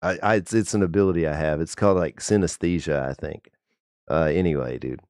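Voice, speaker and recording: A man with a very deep, low voice rambles and jokes through a casual live stream. He swears freely as he talks into a headset mic. The sound is dry and close, with no room around it. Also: fairly quick, a little mellow, no echo. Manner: rambling, profane and jokey. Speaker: livestreamer.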